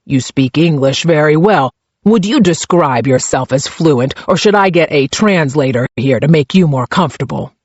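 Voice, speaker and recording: A man voicing a calm, pleasant senior female police investigator who speaks in a measured, quietly pointed way. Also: on the high side, dry recording, muffled recording.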